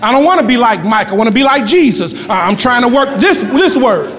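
A male pastor preaching a sermon in a church, moving between quick asides and loud shouted lines. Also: very high voice, big pitch swings, long reverb tail. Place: church sanctuary.

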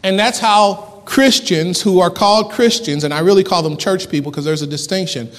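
Male pastor, high voice, fervent sermon delivery, reverberant hall. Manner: fervent preaching with dramatic pauses and swings in loudness.

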